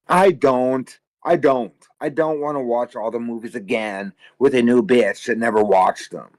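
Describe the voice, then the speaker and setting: A man's voice: animated, normal speed, no echo, low-quality recording. A tired man on a livestream ranting crudely, swearing constantly and rambling. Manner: crude, rambling, swears constantly, mocks others in high voices. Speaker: livestream co-host. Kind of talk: casual livestream rant.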